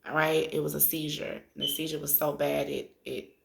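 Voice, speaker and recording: Low, gravelly-voiced woman telling a personal story. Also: flat delivery. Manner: conversational, addresses viewers directly, drawn-out filler pauses. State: tearful after crying. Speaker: spiritual vlogger. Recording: echoey room.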